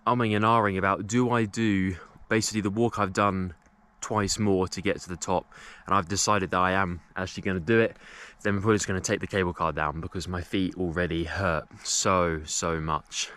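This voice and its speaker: A man's voice: low-pitched, steady tone, a little fast, hardly any pauses, fairly bright tone, smooth. Breathless man vlogging on a mountain hike. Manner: chatty, addresses viewers as guys. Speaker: travel vlogger. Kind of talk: casual vlog to camera while hiking. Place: outdoors on a mountain trail.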